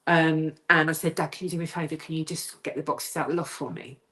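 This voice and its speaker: A fairly low-pitched woman tells her story as a guest on a video call. She talks in bursts, with restarts, and acts out the people she quotes, climbing high when she recalls being terrified. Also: fast talker. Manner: lively storyteller who acts out quoted voices, rising high when frightened. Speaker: guest telling a haunting story. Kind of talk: animated storytelling interview.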